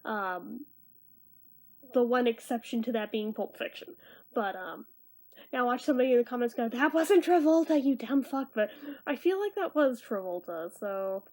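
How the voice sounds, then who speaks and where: A woman in her thirties, tired and half awake, rambling quietly through a casual late-night movie review. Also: on the high side, lively intonation, normal speed, long pauses. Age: 30s. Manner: rambling, talking quieter than normal.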